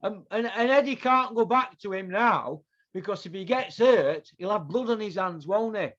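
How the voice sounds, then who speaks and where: Male host, high voice, foul-mouthed heated rant, dull lo-fi recording. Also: animated, normal speed, a bit bright. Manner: profane, heated, repetitive ranting. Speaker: podcast host. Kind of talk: angry ranting commentary. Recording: dull lo-fi sound.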